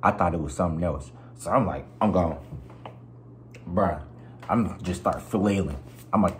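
A young man vlogging, telling a story in a slangy, expressive way and acting out other people's voices and sounds. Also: low voice, moderate pace, pauses often, slight background noise. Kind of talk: animated storytelling.

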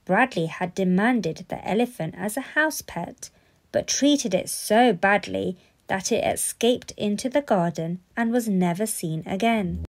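A woman reading a children's storybook aloud in an expressive, playful way. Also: medium pitch, a little slow.

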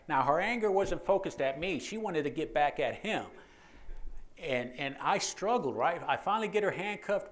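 A man, a police officer giving a training lecture, joking and telling stories, often repeating words and checking in with the audience. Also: a little high. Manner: lively, joking storyteller who repeats words and checks in with "okay?".

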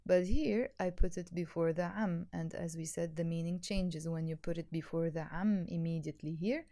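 A woman teaches a language lesson in a warm, mellow voice. She explains patiently and slows down to repeat words for her learners. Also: fairly low pitch, steady tone. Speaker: Arabic teacher.

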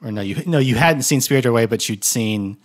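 A man's voice: mid-range voice, lively intonation, a little fast. Chatty, rambling male podcast host. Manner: rambling, self-correcting and jokey. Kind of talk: casual podcast chat. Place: room shared with guests.

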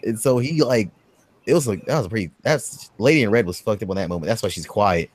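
Guy podcast host rambling and cussing, does squeaky voices for quotes. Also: fast, no room sound. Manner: profane, rambling storyteller who acts out quotes in a high voice. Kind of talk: casual chat, movie recap.

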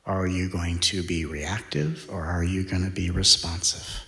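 Low-voiced man giving a spiritual talk. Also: a little slow. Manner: playful, shifting from hushed to animated. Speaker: spiritual teacher.

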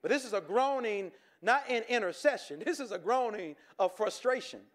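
A pastor preaching in a high voice. He talks to the congregation like a friend, with repeated restarts and chuckles, and turns earnest when he makes his point. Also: expressive, moderate pace. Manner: conversational, with stammered restarts and chuckles, shifting from joking to earnest. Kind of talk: sermon.

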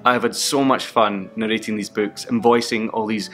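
Brief: young male, low-ish voice, relaxed anecdote telling, faint guitar underneath. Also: moderate pace. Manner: animated, laughs often, acts out quotes. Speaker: actor and audiobook narrator. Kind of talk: casual anecdote retelling.

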